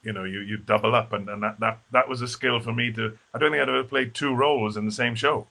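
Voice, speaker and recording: A man's voice: medium pitch, steady tone, fast talker, creaky, pushed and bright. A man, a stage actor guest in a casual live video interview, who talks in a chatty, rambling way full of fillers and restarts. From Wales.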